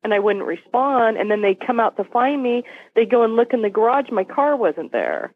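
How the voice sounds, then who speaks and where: Woman guest, forties, lively storyteller acting out voices; tinny dry phone line. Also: fairly high pitch, moderate pace, no room sound. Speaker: podcast guest. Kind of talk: storytelling in a podcast interview. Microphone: phone call.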